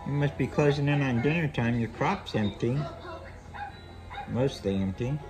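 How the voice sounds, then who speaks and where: A woman at a parrot rescue talking gently to a bird in a coaxing, sing-song baby-talk voice. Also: very deep voice, a little slow, long pauses, over music. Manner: gentle and affectionate.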